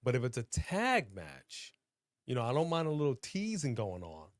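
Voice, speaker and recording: A man co-hosting a casual wrestling chat show, talking in an emphatic, animated, slangy way. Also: mid-range voice, normal speed, no echo, clean studio sound. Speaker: podcast co-host.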